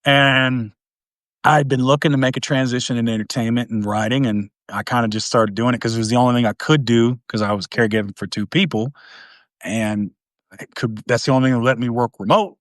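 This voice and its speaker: A man's voice: mid-range voice, a little fast, no echo, clean studio sound. A middle-aged man from East Tennessee, chatting casually as a podcast host and telling stories, acting out the voices of the people in them. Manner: animated storyteller, acts out quoted voices. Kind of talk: casual storytelling chat.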